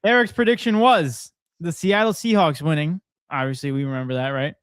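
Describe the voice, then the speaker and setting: A man's voice: fairly high pitch, fairly even intonation, brisk, smooth, no room sound. A young man co-hosting a sports podcast, upbeat and laughing often as he reads out scores and predictions. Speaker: podcast co-host.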